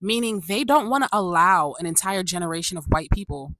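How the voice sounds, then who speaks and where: A woman talking to camera in a casual, animated and indignant monologue. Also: fairly low pitch, fairly quick, no room sound.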